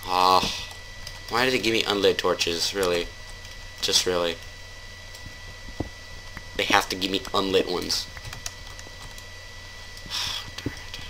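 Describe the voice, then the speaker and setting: A man's voice: deep voice, steady tone, takes it slowly, pauses often, background noise. A man giving casual let's-play commentary while he plays, rambling and joking, then taking his jokes back. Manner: rambling, jokey, keeps taking things back. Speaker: gamer.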